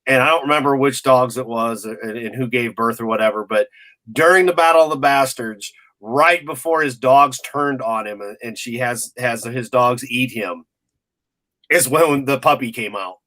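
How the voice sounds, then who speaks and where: A man's voice: medium pitch, moderate pace, pushed and bright. A man chatting casually as a co-host, telling loose, rambling stories full of fillers. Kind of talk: casual chat.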